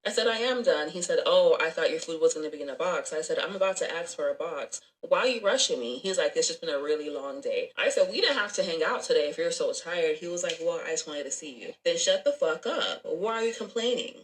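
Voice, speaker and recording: A woman telling a story about a bad date, animated and swearing, acting out both sides of the dialogue. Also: on the low side, a little fast, few pauses, poor audio. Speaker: storyteller in a clip. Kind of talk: story time, casual telling.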